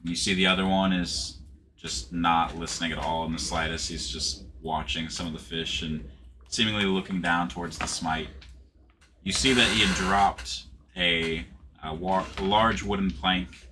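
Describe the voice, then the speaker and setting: A man narrating a tabletop game as game master, in a relaxed way with frequent fillers. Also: low-pitched, moderate pace, slight background noise. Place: home setup streaming live.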